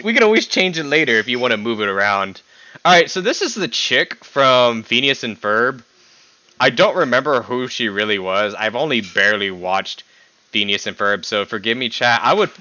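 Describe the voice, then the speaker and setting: A young man hosting a casual podcast stream, teasing his guest and laughing often as his voice jumps up when excited. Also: mid-range voice, dry recording, lo-fi sound. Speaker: podcast host. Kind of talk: casual chat ranking characters with a guest.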